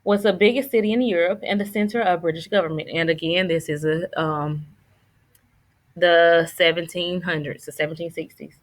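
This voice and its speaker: A woman teacher reads a book aloud to her students, patient and encouraging. Her voice sits a little low for a woman. She stops now and then to fix a word and goes on. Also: fairly even intonation, moderate pace, poor audio. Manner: patient, encouraging, with frequent restarts.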